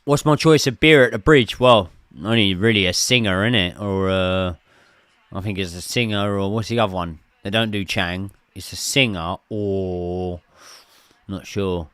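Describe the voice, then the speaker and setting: A man's voice: low-pitched, measured pace, fairly bright tone, clear, resonant tone, no echo, studio quality. Chatty man hosting a stream. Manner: chatty, swears casually, reads out viewer messages. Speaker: host of a football watchalong stream. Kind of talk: casual live-stream chat and commentary.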